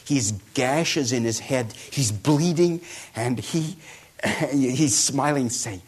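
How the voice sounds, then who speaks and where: A man's voice: medium pitch, takes it slowly, a little hiss or hum. A man giving a storytelling talk, hesitant, with many fillers and self-corrections. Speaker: speaker.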